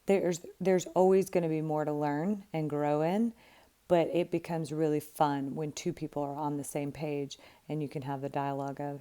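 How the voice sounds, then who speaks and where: Low, mellow-voiced woman coaching candidly. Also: level tone, moderate pace, clear, resonant tone. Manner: candid, emphatic, occasional swearing. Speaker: life coach. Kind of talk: casual direct-to-camera talk.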